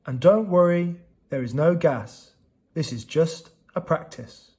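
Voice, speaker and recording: A man's voice: on the high side, slow pace, darkish tone, slightly rough. A man voicing a commanding wartime man who barks orders at children in a storybook. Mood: ordering. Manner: bossy, barking orders.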